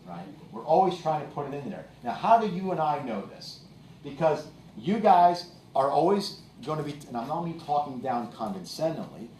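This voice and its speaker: Male teacher, mid-pitched, explaining with examples and asking "okay?", distant mic. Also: darkish tone, a little hiss or hum. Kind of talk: classroom lecture. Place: classroom. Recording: echoey classroom, voice from far off.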